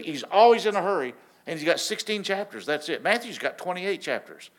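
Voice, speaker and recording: A man preaching a sermon in a casual, animated storytelling way, often restarting his sentences. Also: a little high, brisk. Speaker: pastor.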